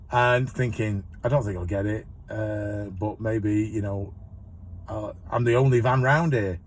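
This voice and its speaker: Man, slightly low voice, van courier, rambling chatty monologue. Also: darkish tone, slight background noise. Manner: rambling, chatty, with repeated restarts. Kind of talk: casual storytelling monologue.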